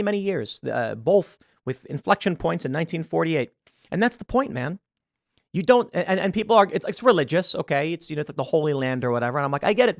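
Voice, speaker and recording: An American man hosting casual political commentary, ranting with quick laughs and frequent restarts. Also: a little high, no echo, clean studio sound. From United States. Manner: ranting, animated, laughs mid-sentence.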